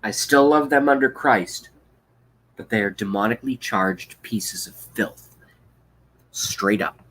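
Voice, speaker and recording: A man's voice: lowish voice, slow pace, bright, forceful tone, rough recording. A man hosting a livestream, delivering an angry, profane political rant with contempt. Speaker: livestream host.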